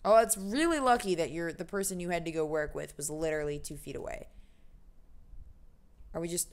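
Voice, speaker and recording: A woman's voice: on the low side, brisk. A young American woman streaming a game, reading the game's text aloud and chatting in a rambling, self-deprecating way.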